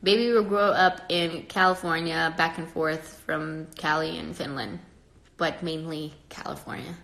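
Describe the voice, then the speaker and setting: A woman's voice: deep voice, measured pace, creaky, reverberant. A young woman hosting a casual livestream, talking to viewers in a chatty, rambling way with frequent laughs and a slightly stuffy nose. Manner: chatty and rambling, laughs often, gets animated when annoyed. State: pregnant, a bit stuffy-nosed. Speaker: livestream host.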